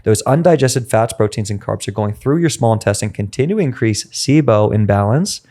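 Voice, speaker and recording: A man, a nutritionist guest on a podcast interview, explaining and acting out stories with his clients in an animated way. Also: lowish voice, a little fast. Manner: animated storytelling, acts out dialogue.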